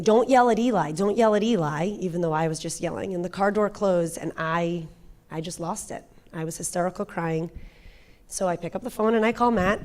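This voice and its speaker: Woman frankly telling a personal story. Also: fairly low pitch. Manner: frank, animated confessional storytelling. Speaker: guest speaker, pastor's wife. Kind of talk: personal testimony in church.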